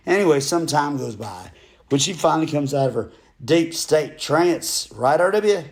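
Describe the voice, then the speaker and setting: A man's voice: on the high side, animated, normal speed. Rambling joking male storyteller. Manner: rambling, digressive, joking asides. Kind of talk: comic folksy storytelling.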